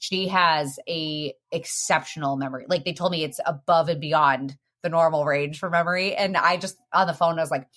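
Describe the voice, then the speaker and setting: A woman's voice: sits low, normal speed, hardly any pauses. A young woman hosting a podcast, chatting casually and acting out quotes as she tells stories. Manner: animated storytelling, acts out quotes. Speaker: podcast host. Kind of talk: casual chat.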